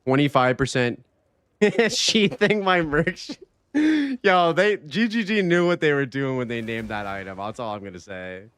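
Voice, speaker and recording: A man hosts a live game stream in easy, rambling chat, reacting to his chat and swearing loosely. His voice sits at an ordinary middle pitch and comes through close and dry, with no room sound around it. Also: moderate pace, clean tone, dry recording. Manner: loose and excitable, swears, reads chat aloud. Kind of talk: casual live-stream chat while gaming.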